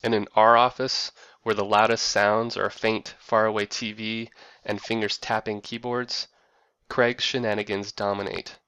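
A man reading a scripted narration with a dry, wry deadpan delivery. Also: on the low side, normal speed, smooth, no room sound, lo-fi sound.

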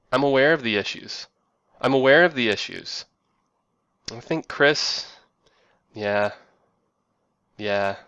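A man voicing a flustered male office worker on phone calls, talking in halting, repetitive bursts. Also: medium pitch, a bit bright, clear, resonant tone, dry recording, lo-fi sound, pitched above the performer's own voice. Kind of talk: acted quotes in a narrated essay.

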